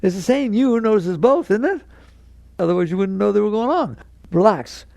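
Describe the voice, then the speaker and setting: A man's voice: high voice, animated, brisk, gravelly, mellow, no echo. A man giving a spiritual lecture to an audience, speaking emphatically, repeating key words and acting out inner voices with a chuckle. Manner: acts out inner voices in quotes. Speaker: spiritual teacher.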